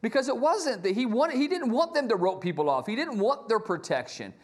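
A man's voice: extremely high pitch, very animated, brisk. A middle-aged man preaching a sermon as a pastor, telling stories with animation and acting out quoted lines in shifting voices.

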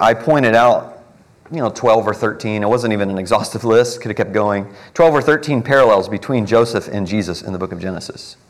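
A man preaching a morning sermon as pastor, earnest, building up emphasis and then slowing and softening on key words. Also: on the low side.

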